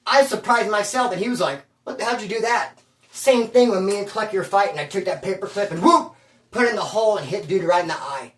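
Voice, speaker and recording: A man from Bakersfield telling prison stories at home, animated and slangy, calling the listener bro and dude. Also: high voice, quick pace, distant mic. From Bakersfield, California. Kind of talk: casual storytelling. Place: at home, indoors. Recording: roomy room, from off mic.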